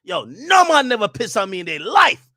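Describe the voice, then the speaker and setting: A man putting on a mock Jamaican accent to read a quote aloud, shouting and drawing out the words. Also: high voice, wildly swooping pitch, normal speed, no echo, studio quality, pitched above the performer's own voice, full character voice. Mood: defiant. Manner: shouting, drawn out.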